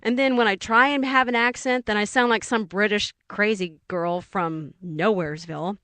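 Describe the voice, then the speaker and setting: A woman's voice: medium pitch, steady tone, moderate pace, a bit bright, no room sound. Rambling Texan woman radio host. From Texas. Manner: rambling and chatty, loses her train of thought. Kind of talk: casual radio chat between songs.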